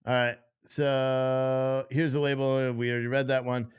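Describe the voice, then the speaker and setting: A man's voice: mid-range voice, flat delivery, unhurried, clear, resonant tone. A man doing casual live stream commentary, reading posts aloud to his chat, swearing and mocking what he reads. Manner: profane, mocking, reacts loudly to what he reads; chats with viewers in the chat.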